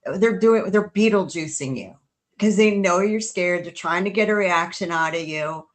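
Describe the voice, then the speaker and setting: A woman's voice: on the low side, normal speed. A woman who leads ghost hunts, co-hosting a podcast in a chatty, joking way. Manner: chatty and joking, addresses listeners as folks. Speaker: podcast co-host, ghost hunt leader. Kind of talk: casual podcast chat.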